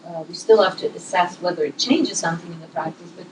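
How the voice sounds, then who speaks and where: A woman speaking on a panel in a thoughtful, measured way, pausing with fillers and restarting her sentences. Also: fairly low pitch. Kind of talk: panel discussion remarks. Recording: distant mic with clear noise.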